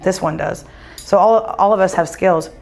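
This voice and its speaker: A woman's voice: lowish voice, moderate pace, creaky, soft background music. A woman, a psychic medium, telling stories in casual conversation and acting out the dialogue as she goes. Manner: animated, acts out quoted dialogue. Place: winery.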